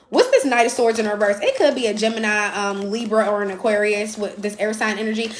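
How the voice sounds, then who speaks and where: A woman's voice: a little high, roomy sound. A woman giving a casual, blunt live tarot reading, chatty and swearing now and then. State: out of breath. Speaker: tarot reader.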